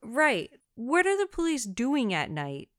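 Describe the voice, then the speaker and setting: A woman co-hosting a podcast, chatting casually and reacting with quick remarks. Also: on the high side, huge pitch swings, fairly bright tone. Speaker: podcast co-host. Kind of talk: casual chat.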